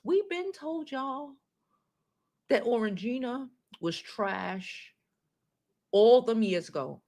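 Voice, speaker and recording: A woman with a Brooklyn accent hosting a casual live-stream chat, talking in an animated, blunt way and swearing freely. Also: a little high, slow, pauses often. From New York City. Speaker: vlog host.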